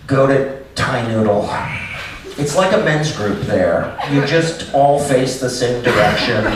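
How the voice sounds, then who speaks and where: A man's voice: medium pitch, slight background noise. A man doing a live stand-up set in a small cafe, rambling and cutting himself off mid-sentence. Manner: rambling, self-interrupting delivery. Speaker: stand-up comedian. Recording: echoey room, far mic, audience. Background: laughing audience.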